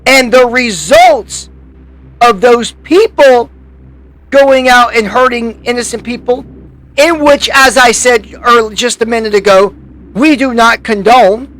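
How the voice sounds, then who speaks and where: A man's voice: very high voice, slow pace, fairly bright tone. A man hosting a YouTube commentary, delivering a heated, profane rant full of restarts and angry outbursts.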